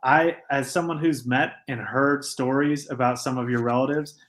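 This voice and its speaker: A man co-hosting a sports podcast in a studio, talking in a measured way and building his points with pauses. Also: medium pitch, steady tone, a bit bright. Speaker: podcast co-host. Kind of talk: casual sports chat.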